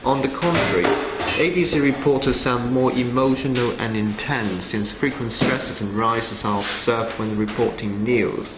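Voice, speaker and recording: A man's voice: mid-range voice, very noisy. Man reading a prepared analysis. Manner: reads a prepared analysis in a measured way. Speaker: student presenter. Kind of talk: scripted narration. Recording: roomy, slightly dull sound with faint ambience.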